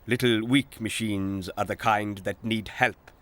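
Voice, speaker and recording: A man's voice: on the low side, steady tone, unhurried, fairly bright tone. A man voicing a proud, boastful male digger machine in a pompous, self-important manner for a storybook cartoon. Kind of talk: storybook character voice.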